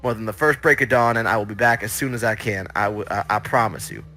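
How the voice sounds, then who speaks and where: A man's voice: lowish voice, fast talker, pushed and bright. A man doing a stammering flustered husband. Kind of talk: improvised tabletop role-play.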